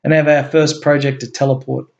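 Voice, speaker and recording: A man's voice: medium pitch, flat delivery, fairly quick, gravelly, darkish tone, lo-fi sound, lightly acted. A man voicing an earnest male agency chief in a homemade story reading, explaining things in an eager, insistent way. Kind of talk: amateur story reading with voices.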